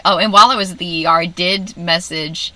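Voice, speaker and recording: A woman telling a personal story in a casual vlog, animated and self-mocking, often quoting her own inner voice. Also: lowish voice, fairly quick, dry recording, rough recording. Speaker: vlogger.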